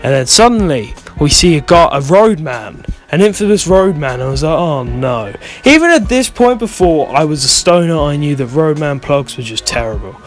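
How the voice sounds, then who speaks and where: A man's voice: on the high side, big pitch swings, normal speed, hardly any pauses, soft background music. A young man telling a rambling, swear-filled storytime in a vlog, often losing his thread. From United Kingdom. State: stoned. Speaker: vlogger.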